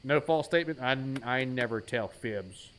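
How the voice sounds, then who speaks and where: A man's voice: mid-range voice, lively intonation, moderate pace, fairly bright tone, slight background noise. A man streaming a horror game in a casual, jokey way, calling out items as he plays and teasing himself. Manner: jokey, self-mocking, names items aloud while playing. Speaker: gaming streamer. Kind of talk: casual let's-play commentary.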